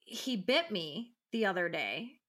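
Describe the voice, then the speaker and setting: A young woman co-hosting a podcast in casual chat, telling animated stories and acting out her toddler's voice. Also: mid-range voice, takes it slowly. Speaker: podcast co-host.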